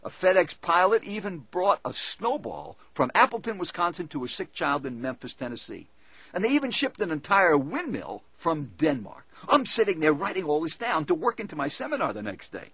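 Husky-voiced male speaker, animated storytelling, higher-pitched delivery. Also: moderate pace, no echo. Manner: lively, conversational, animated storytelling. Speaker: seminar speaker. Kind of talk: first-person storytelling talk.

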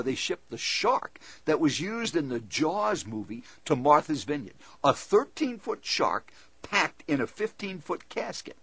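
Husky-voiced male speaker, animated storytelling, higher-pitched delivery. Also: no echo. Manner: lively, conversational, animated storytelling. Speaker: seminar speaker. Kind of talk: first-person storytelling talk.

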